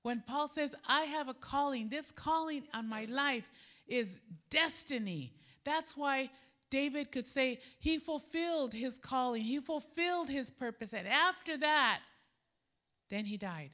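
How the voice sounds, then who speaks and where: Animated woman preaching with lively storytelling. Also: a little slow. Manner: animated, acts out quoted dialogue with jumps in pitch. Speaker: preacher at a women's gathering. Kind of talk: sermon with personal storytelling.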